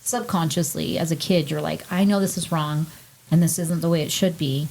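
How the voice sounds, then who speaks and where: A woman's voice: low-pitched, fairly even intonation, moderate pace, creaky, darkish tone, low-quality recording. Reflective woman talking things through. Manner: reflective, explains ideas at length, frank. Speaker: podcast co-host. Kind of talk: casual chat.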